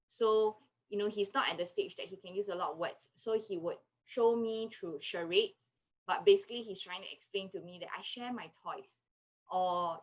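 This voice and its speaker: A woman, a clinical psychologist explaining parenting tips in a gentle, patient way and acting out what she says to children. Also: mid-range voice, normal speed, low-quality recording. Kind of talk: parenting advice talk.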